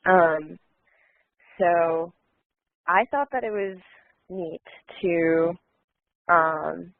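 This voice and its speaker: A woman in casual chat on a call, relaxed and saying "like" a lot. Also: on the low side, drawn-out words, no echo. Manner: relaxed, filler-heavy, says "like" often. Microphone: call audio. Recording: thin phone-like dry call audio.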